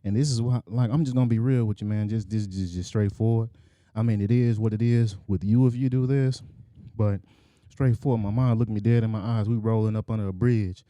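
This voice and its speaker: A man on a podcast telling a childhood story in casual storytelling style, animated and acting out quotes with sound effects. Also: fairly low pitch, fairly quick, dry recording, highs cut off.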